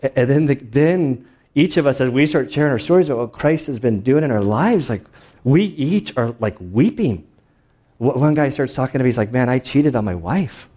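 A male pastor delivers a sermon in a relaxed, conversational manner. He strings his stories together with frequent fillers and restarts, sounding like he is talking with friends rather than reading from notes. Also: mid-range voice, moderate pace. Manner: conversational storytelling with many fillers.

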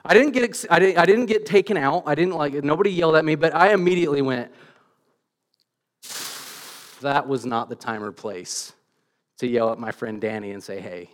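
Animated pastor with a higher voice. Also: male voice, fairly quick. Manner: animated storytelling, self-deprecating, many restarts. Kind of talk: sermon. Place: church.

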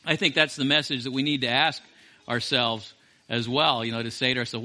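A man's voice: medium pitch, steady tone, brisk, pushed and bright. A man preaching a sermon with passion, repeating phrases and restarting his sentences as he builds to each point.

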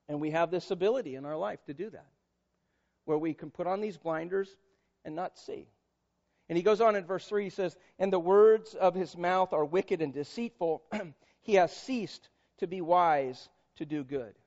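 A middle-aged man preaches a sermon to his congregation, breaking off for playful asides and little acted-out voices. His voice sits fairly high for a man. The church recording sounds dull and lo-fi. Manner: playful, joking asides, acts out quoted voices. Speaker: pastor. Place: church sanctuary.

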